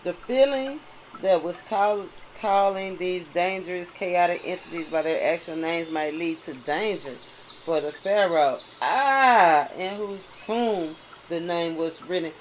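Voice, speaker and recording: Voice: medium pitch, a little slow, slight background noise, rough recording. A tarot reader giving a spiritual monologue. The reader mixes passages read aloud with heartfelt commentary and keeps asking "right?". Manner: preachy, often asks "right?". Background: music.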